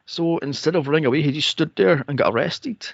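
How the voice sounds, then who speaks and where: A man co-hosting a film podcast, sarcastic and profane, mocking characters with shrill impressions. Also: brisk, vocal fry, no echo. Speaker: podcast co-host reviewing a film. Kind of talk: casual chat. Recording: dull lo-fi dry podcast audio.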